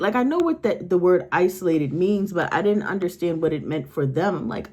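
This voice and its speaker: A woman's voice: lowish voice, sing-song, moderate pace, hardly any pauses, darkish tone. A woman psychic medium talks casually to her viewers at home. She rambles, restarts her sentences and often checks in with "okay?" and "right?". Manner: speaks directly to the audience. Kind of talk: casual spiritual storytelling to viewers. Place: at home with her dog nearby.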